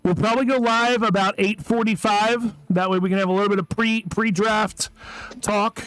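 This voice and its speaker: A man hosting a podcast, excitable and rambling, often repeating his words. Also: high voice, normal speed, clear, resonant tone, no echo, poor audio. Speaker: podcast host. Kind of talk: casual chat.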